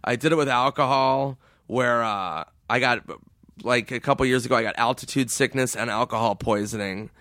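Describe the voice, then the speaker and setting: A man's voice: normal speed, bright, forceful tone, dry recording, studio quality. Laughing man telling wild road stories. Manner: laughs often, swears, acts out quotes in a high voice. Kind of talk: casual storytelling chat.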